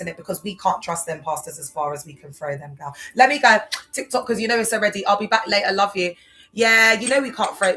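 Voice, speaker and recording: Chatty woman, low voice. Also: low-quality recording. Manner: chatty, meandering, many fillers. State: unwell. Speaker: livestream host. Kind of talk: casual live-stream talk on faith.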